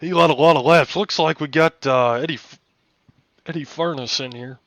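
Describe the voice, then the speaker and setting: A man interviewing drivers after a sim race, hoarse, folksy and excitable with lots of fillers. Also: a little high, normal speed, dry recording. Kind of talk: casual post-race interview over voice chat.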